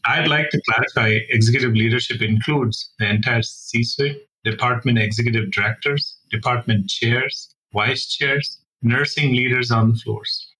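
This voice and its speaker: A man's voice: medium pitch, moderate pace, hardly any pauses, sharp tone, low-quality recording. A man physician leader answering interview questions earnestly and emphatically.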